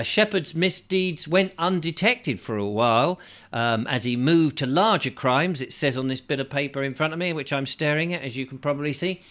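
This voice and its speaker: An English man rambles through a story to camera, stopping often for asides and questions to his viewers. His pitch sits in an ordinary middle range, and he talks from a home studio. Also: fairly bright tone. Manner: chatty, digressive, many fillers and asides to viewers. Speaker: host.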